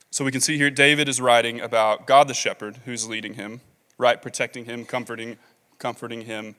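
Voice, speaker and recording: A man's voice: medium pitch, level tone, brisk, pushed and bright, clear, resonant tone. A man preaching a sermon as pastor, talking casually with many fillers and reading scripture aloud. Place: large church hall. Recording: long reverb of a large hall.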